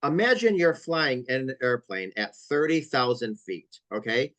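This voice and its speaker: A man's voice: medium pitch, lively intonation, measured pace, a bit bright, dry recording, rough recording. A man speaking as a trauma counselor on an interview podcast, explaining earnestly with vivid stories and repeated emphasis.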